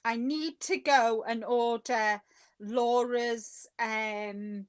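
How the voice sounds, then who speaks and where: A woman's voice: on the high side, steady tone, extremely slow. A woman co-hosting a casual crochet livestream, reacting with gushing exclamations. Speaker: livestream co-host.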